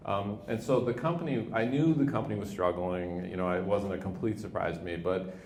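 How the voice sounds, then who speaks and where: A man in his fifties, a company leader telling anecdotes in an interview, with a relaxed manner and frequent restarts. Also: low voice, a little fast. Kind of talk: storytelling in an on-stage interview. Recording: echoey room with faint noise.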